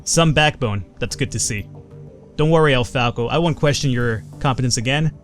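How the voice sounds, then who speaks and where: A man's voice: medium pitch, moderate pace, soft background music, close to an everyday voice. A man reading out the lines of a blunt, tough female mercenary from a game in his own voice. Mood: terse. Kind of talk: reading game dialogue aloud.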